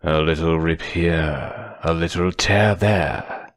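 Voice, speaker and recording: Casting: man doing a gloating storybook villain, whispery and slow, deep gravelly voice, lilting cruel taunts. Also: fairly bright tone, no echo, studio quality, full character voice. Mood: sing-song. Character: menacing armored male villain, gloating, cruel.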